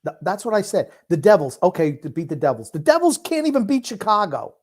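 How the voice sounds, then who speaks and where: A man co-hosting a casual sports podcast, blunt and opinionated, quick to disagree. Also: high voice, sing-song. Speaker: podcast co-host.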